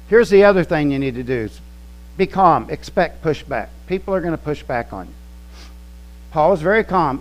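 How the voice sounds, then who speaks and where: A man preaching a sermon, teaching slowly and emphatically, quoting scripture and explaining original-language words. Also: sits high, animated, low-quality recording. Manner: slow, emphatic teaching with quoted scripture and word studies. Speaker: pastor.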